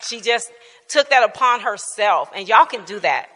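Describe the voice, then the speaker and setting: A woman's voice: medium pitch, expressive, normal speed. A woman in her fifties speaking personally to a church Bible class, emotional and laughing as she addresses the group directly. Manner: warm, laughing, emotional, talks straight to the group. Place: church hall. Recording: long hall reverb.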